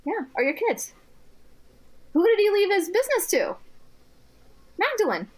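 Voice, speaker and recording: A woman on a podcast telling stories in casual chat, animated, laughing often and restarting her sentences. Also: extremely high pitch, a little slow. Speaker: guest.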